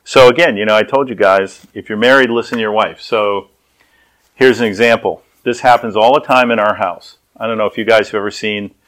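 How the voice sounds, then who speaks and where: A man's voice: on the low side, steady tone, fairly quick, fairly bright tone, rough recording. A man preaching a sermon as pastor, telling personal stories and acting out the people in them. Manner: storytelling, acts out voices.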